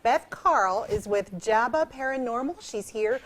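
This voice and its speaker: Tv co-host lady, high animated voice, quick little reactions. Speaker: TV co-anchor. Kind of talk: morning show chat.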